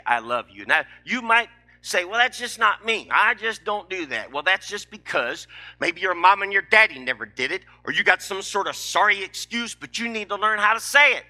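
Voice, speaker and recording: A man's voice: sits high, pushed and bright. A middle-aged man, preaching a sermon in a folksy, emphatic, joking way.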